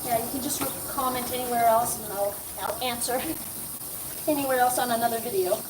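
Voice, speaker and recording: A woman dog groomer chats casually with livestream viewers as she works in a grooming room, occasionally cooing at the dogs. Her slightly high voice is fairly even and fairly quick, picked up far from the mic in a roomy, noisy space.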